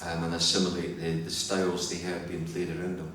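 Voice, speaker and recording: A Scottish man with a very low voice talks through his answers in a reflective, measured way during a live interview. He is picked up from across a hotel function hall. The room rings with heavy echo and a faint hum sits underneath. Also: monotone, fairly bright tone, recorded from a distance. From Scotland. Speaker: interview guest, fiddler.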